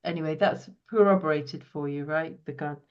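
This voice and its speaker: Low-voiced woman giving an intuitive reading. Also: normal speed, clear, resonant tone, dull audio. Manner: soft, earnest, drops to a hush when relaying visions. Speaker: podcast host and property healer.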